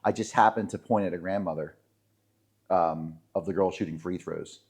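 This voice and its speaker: Low-voiced man, rambling ref stories. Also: steady tone, normal speed, darkish tone, breathy edge. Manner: rambling, self-deprecating storyteller with many fillers. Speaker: podcast co-host, sports referee. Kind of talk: casual storytelling chat.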